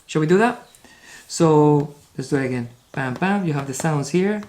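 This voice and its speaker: A man's voice: a little high, expressive, moderate pace, darkish tone. Spanish-accented man teaching a lesson. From Spain. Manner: encouraging, drills sounds by repeating them. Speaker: language teacher. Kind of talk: video lesson.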